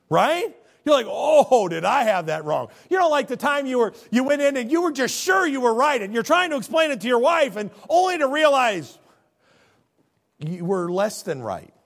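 A man preaching a sermon in a folksy, conversational way, swinging from loud exclamations to hushed tones. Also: high-pitched. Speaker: pastor.

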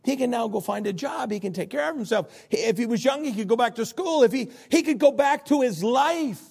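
Animated preacher man, lively pitch. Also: a little fast, vocal fry, slightly rough. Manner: animated, acts out the people in the stories. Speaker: pastor. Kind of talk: sermon.

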